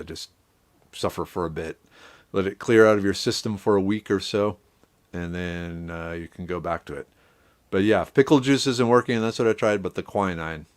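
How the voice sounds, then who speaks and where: The host is a middle-aged man whose fairly low voice carries a casual, rambling live-stream chat. Along the way he greets viewers by name.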